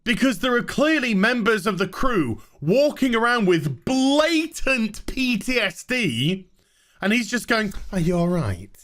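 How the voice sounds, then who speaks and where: A man's voice: extremely high pitch, sing-song, unhurried, a bit bright. A man ranting sarcastically in an exasperated review vlog about a TV episode. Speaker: TV show reviewer.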